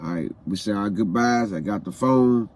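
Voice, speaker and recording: A man's voice: on the low side, moderate pace, a little mellow, a little hiss or hum. A man vlogging a personal story, retelling a painful day in an emotional, repetitive way. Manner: repetitive, heartfelt retelling with phrases said again and again; emotional, grieving.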